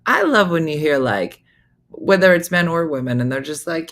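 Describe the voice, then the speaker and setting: Low, gravelly-voiced woman comedian. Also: moderate pace. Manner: chatty, animated storytelling with asides. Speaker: comedian and show host. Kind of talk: casual comic storytelling.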